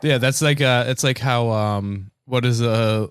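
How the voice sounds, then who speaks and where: A man from the United States hosting a comedy podcast, telling a story in a loose, animated way. He laughs often and swears casually. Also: medium pitch, measured pace, smooth, no echo, clean studio sound. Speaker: podcast host.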